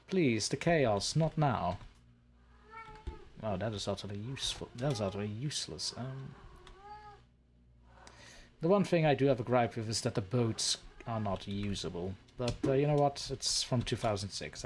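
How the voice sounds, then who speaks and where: A man's voice: mid-range voice, lively intonation, a little slow, a little hiss or hum. A man hosting a let's play, joking and sarcastic as he talks to the creatures in the game. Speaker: gaming channel host.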